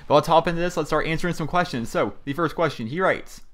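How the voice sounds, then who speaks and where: A young gaming YouTuber from Pennsylvania talks fast in a fairly high-pitched, fairly bright voice. Recording from a small room at home, he rambles chattily over gameplay with frequent fillers and restarts.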